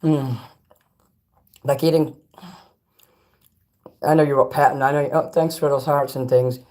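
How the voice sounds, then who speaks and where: His voice is mid-range, steady, a little mellow, and a touch slow as this Chicago man talks on a livestream. Reading chat messages and eating snacks, he rambles bluntly and lets the odd swear word slip.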